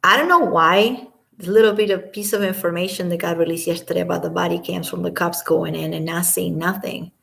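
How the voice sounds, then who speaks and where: A woman's voice: on the low side, steady tone, a little fast, creaky, few pauses, a bit bright. A woman giving casual, indignant commentary, talking emphatically and often repeating herself. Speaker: commentary vlogger.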